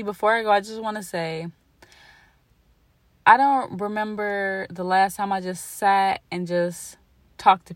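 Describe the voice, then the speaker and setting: A young woman talks on her own show in a casual, rambling way, stacking "like" and starting sentences over. She sounds emotional and unguarded, with a mid-range pitch and a dry, close recording with no room echo. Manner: rambling and emotional, full of "like" and restarts. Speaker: podcast host. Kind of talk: casual personal monologue.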